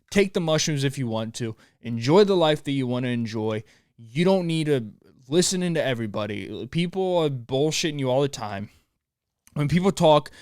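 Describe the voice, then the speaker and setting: This young podcast host has a clear, resonant, medium-pitched voice. Alone in a room at home, a dog barking nearby, he gives a fired-up motivational rant laced with cursing. The recording is dry and of studio quality.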